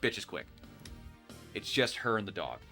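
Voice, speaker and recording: A co-host with a low, creaky voice talks at a moderate pace over soft background music. Playing a game, he casually relates a work story and animatedly voices the people in it.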